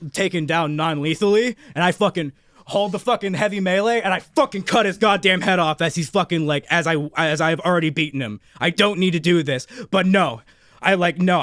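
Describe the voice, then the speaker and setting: A man co-hosting a podcast, telling a long, excitable story in casual chat with constant swearing and restarts. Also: fairly high pitch, no room sound, clean studio sound. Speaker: podcast co-host.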